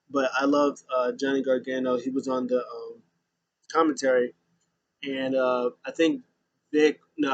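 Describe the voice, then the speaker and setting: A man's voice: mid-range voice, poor audio. A man, the host, recapping a show in a casual, rambling way with many fillers and restarts. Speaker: podcast host recapping wrestling.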